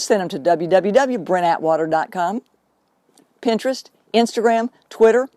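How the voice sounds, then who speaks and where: A woman hosts her own show, speaking unscripted straight to the camera in an earnest, explanatory way and stretching out words for emphasis. Her voice is medium-pitched and a little mellow, with no echo.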